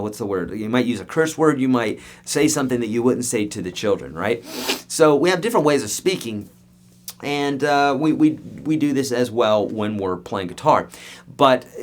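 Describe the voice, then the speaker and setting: A man teaching guitar in a live-streamed online lesson, talking emphatically and straight to his viewers. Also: mid-range voice. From United States.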